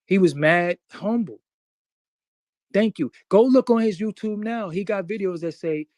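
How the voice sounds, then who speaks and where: A man's voice: sits high, no room sound, clean studio sound. A man being interviewed, talking in a boastful, profane and emphatic way. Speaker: interview guest.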